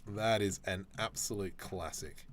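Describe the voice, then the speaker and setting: A man's voice: low voice, unhurried, a little hiss or hum. A man chatting casually on a live stream while he works, reacting to viewer comments with jokes.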